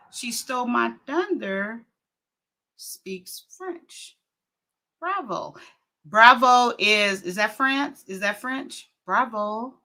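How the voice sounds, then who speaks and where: A middle-aged woman, hosting a live stream in casual, exclamatory chat. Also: on the high side. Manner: lively, exclaims and laughs often.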